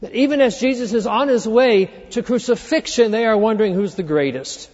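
A man preaching a sermon, earnestly walking through a scripture passage and dropping quieter when he quotes it. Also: sits high, brisk. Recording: dull reverberant hall sound.

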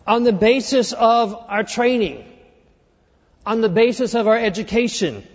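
A man preaching a sermon, earnestly walking through a scripture passage and dropping quieter when he quotes it. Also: sits high, expressive, measured pace. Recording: dull reverberant hall sound.

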